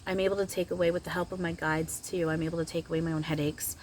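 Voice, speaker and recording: Rambling, giggly woman vlogger with a low voice, casual channeler. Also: flat delivery, fast talker, background noise. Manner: rambling, chatty, giggly with many fillers. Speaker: spiritual channeler. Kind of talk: casual vlog monologue.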